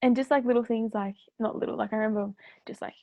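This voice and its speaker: A woman's voice: a little high, fairly even intonation, fast, a little mellow, dry recording. A woman telling stories as a podcast guest in a casual chat, leaning on "like" and acting out what people said. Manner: chatty, fills speech with "like", acts out quoted dialogue.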